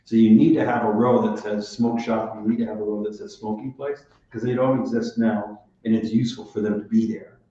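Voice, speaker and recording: A man speaking as a city alder at a committee meeting, talking in a deliberate, measured way with some restarts. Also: on the low side, little pitch movement, mellow. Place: council chamber. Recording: echoey council chamber, dull sound.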